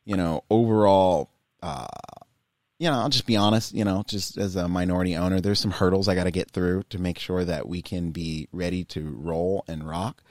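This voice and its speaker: A man's voice: low voice, steady tone, normal speed, dry recording. A young adult man, a climbing business owner, talking candidly and rambling with many fillers in a casual interview.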